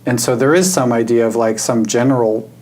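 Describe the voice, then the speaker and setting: A man, a guest who does energy work, talking earnestly and reflectively in a relaxed conversation and slowing down to stress his points. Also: mid-range voice, rough recording. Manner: earnest, reflective, slows down for emphasis. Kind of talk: casual spiritual conversation.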